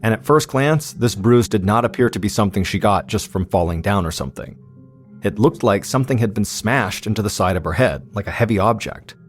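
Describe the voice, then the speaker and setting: A man narrating a true-crime story in a steady, suspenseful scripted style as podcast host. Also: lowish voice, brisk, soft background music.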